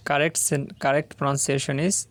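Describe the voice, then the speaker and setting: A man's voice: a little high, flat delivery, fast talker. A man teaching Arabic letter pronunciation in simple English, repeating each sound several times. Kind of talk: slow letter-by-letter pronunciation lesson.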